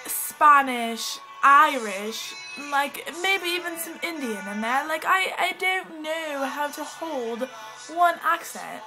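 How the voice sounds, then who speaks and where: High bright giggly woman, fake British accent. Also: animated, takes it slowly, poor audio. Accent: put-on mixed British accent. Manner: giggly, scattered, dramatic. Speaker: vlogger. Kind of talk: rambling casual vlog. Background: faint music.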